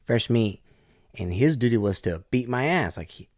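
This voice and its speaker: A man's voice: medium pitch, expressive, normal speed, dry recording, studio quality. A man who is a podcast guest, telling a story in a blunt, profane, casual way with lots of "like". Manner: blunt, profane, heavy use of "like".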